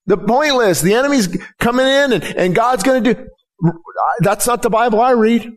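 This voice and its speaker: A middle-aged man preaching a sermon as pastor, emphatic and often repeating words as he presses his point. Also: sits high.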